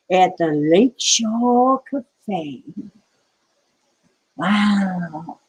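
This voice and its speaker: A woman chats slowly through a livestream, her pitch bouncing up and down as she greets viewers by name. She rambles, reads out comments and drops into conspiratorial asides, with a mid-height voice. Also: big pitch swings, darkish tone, husky, poor audio. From United States. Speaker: livestream host. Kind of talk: casual livestream chat with viewers.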